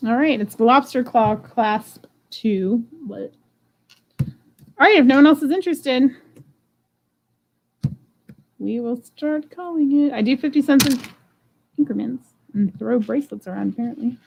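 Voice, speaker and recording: A woman's voice: a little high, a little slow, gravelly, pauses often, dull audio, a little hiss or hum. A woman selling jewelry on a live stream, chatting playfully and joking about herself as she unboxes and runs auctions. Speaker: online jewelry seller. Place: home room.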